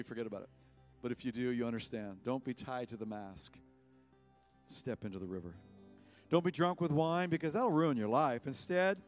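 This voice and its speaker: A man preaching a sermon as pastor in a church, impassioned, swinging between loud cries and hushed words. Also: mid-range voice.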